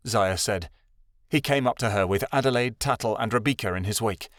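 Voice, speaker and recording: A man's voice: fairly low pitch, normal speed, a bit bright, no echo, clean studio sound. Man narrating a fantasy audiobook. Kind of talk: scripted narration.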